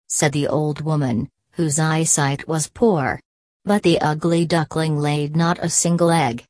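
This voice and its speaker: Low, slow woman storyteller. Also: fairly even intonation, a little mellow, dry recording. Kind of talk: scripted storybook narration.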